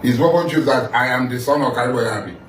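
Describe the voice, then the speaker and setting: A man's voice: medium pitch, fast talker. Accusing Nigerian man, echoey and distant. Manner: accusing, repetitive, addresses the listener directly. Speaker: political figure making a statement. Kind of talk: confrontational monologue. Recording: echoey room, voice far from mic, faint music.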